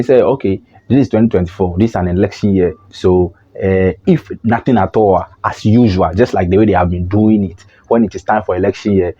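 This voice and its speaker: A man with a Ghanaian accent giving opinionated political commentary as a vlogger, talking in an animated, mocking way and often restarting his sentences. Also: fairly low pitch, breathy edge. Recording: dull lo-fi recording.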